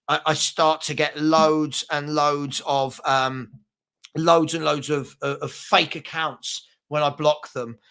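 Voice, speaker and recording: Bright-voiced rambling football host. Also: male voice, on the high side. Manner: rambling, repeats words, reacts to chat comments. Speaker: host of a daily football livestream. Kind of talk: casual livestream chat reading comments.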